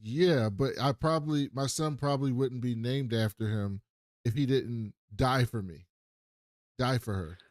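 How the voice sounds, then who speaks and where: A man co-hosting a podcast, speaking in a calm, measured way as he pushes back on points. His voice sits mid-range and sounds dry and close. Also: mid-range voice, no room sound. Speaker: podcast co-host. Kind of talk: casual discussion.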